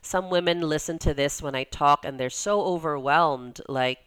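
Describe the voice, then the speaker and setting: Low, smooth-voiced woman coach. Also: normal speed, few pauses, a bit bright. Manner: chatty, many "like" and "you know" fillers, acts out quoted voices. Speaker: podcast guest, women's coach. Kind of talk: casual conversational interview.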